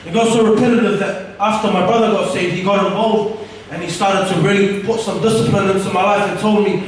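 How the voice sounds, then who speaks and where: A man's voice: high-pitched, steady tone, fairly quick, a little hiss or hum. A young man giving an earnest, candid personal testimony, often restarting his sentences. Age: young adult. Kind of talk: personal testimony told to an audience. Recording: echoey room, from far off the mic.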